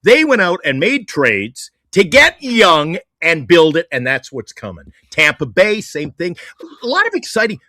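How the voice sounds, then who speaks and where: Excitable ranting sports talk host. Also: medium pitch, unhurried, no room sound, studio quality. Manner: excitable, ranting, often laughing. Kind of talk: live sports talk stream.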